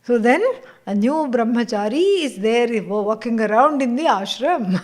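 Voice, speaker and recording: A woman spiritual teacher giving a scripture class, unhurried and laughing often as she tells stories. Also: fairly high pitch, expressive, darkish tone.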